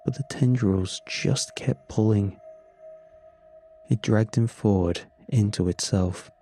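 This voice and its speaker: A man narrating a first-person horror story in a measured, grim manner. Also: on the low side, mellow, a little hiss or hum. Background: faint music.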